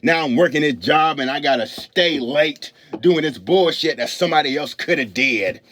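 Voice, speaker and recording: A man's voice: fairly high pitch, normal speed, a bit bright. Ranting, stammering man. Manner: repetitive, stammering, angry. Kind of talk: profane ranting monologue.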